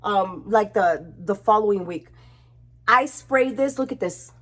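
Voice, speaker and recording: A young woman chatting casually to her camera at home, expressive and chatty, swearing freely. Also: mid-range voice, a little slow. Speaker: beauty vlogger.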